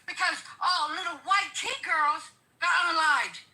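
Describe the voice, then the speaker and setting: Woman guest, high and very bright voice, preachy and emphatic, repeats herself. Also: moderate pace, rough recording. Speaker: guest commentator. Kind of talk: heated political talk.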